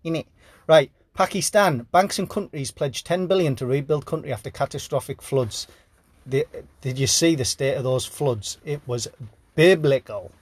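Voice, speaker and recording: A man hosting a podcast, reading the news and joking through it in a loose, rambling way. He is short on sleep, and his voice sits a little higher than most men's. The recording is dry and close. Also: moderate pace, husky, no echo. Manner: rambling, jokey, reads headlines and riffs on them. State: sleep deprived. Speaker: podcast host. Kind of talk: casual news commentary.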